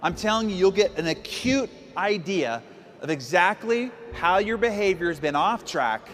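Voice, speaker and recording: Male motivational speaker, high pitch, emphatic storyteller; echoing hall, soft music bed. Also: lively intonation, normal speed. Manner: emphatic, storytelling with acted quotes. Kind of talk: motivational speech. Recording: long hall reverb with faint music.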